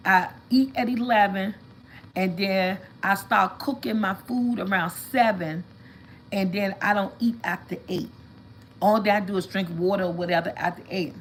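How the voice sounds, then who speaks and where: A woman's voice: medium pitch, a little hiss or hum, rough recording. Chatty woman vlogging. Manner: chatty, animated storytelling, addresses viewers as y'all. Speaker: vlog host. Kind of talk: casual livestream chat.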